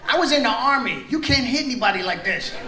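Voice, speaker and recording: This middle-aged stand-up speaks very high and quick with lively intonation, ribbing audience members through a stage mic. The setting is a large cruise-ship theater, so the recording is echoey and noisy with loud crowd laughter.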